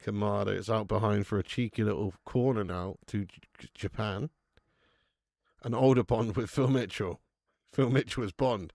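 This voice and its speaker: A man's voice: fairly low pitch, moderate pace, gravelly, darkish tone, no room sound, studio quality. A young man hosting a football watch-along stream, chatting casually with viewers and swearing freely. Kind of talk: casual live-stream chat and match commentary.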